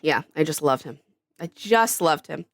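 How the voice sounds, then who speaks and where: A woman in her thirties from Queens with a New York accent, co-hosting a podcast in animated, laughing, profane casual chat. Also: low voice, moderate pace, creaky, dry recording. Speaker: podcast co-host.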